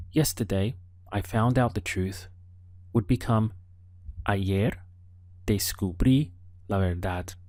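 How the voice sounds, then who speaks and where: A man leads an audio language lesson at an unhurried, careful pace, giving the listener room to answer. His voice sits a little low. The recording is close and dry, with no room sound. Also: darkish tone, no room sound. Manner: slow, patient prompting with pauses for the learner. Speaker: language teacher.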